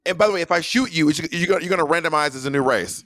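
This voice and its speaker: A man's voice: fairly high pitch, rapid-fire, a bit bright, dry recording, studio quality. A man co-hosting a podcast, bantering in a playful, teasing way. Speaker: podcast co-host. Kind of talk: casual banter.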